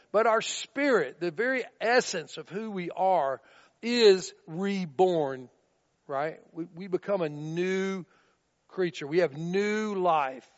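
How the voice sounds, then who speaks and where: A man with a high voice preaches in a relaxed, conversational style, often checking in with his listeners. The recording is dull and muffled. His words ring out in the long reverb of a large room. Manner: conversational, asks listeners "right?". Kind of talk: sermon.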